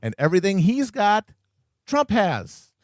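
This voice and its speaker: A man's voice: sits high, wildly swooping pitch, unhurried, no room sound, studio quality. A man co-hosting a podcast, talking politics in a wry, profane way that builds to emphatic peaks. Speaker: podcast co-host. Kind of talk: casual political chat.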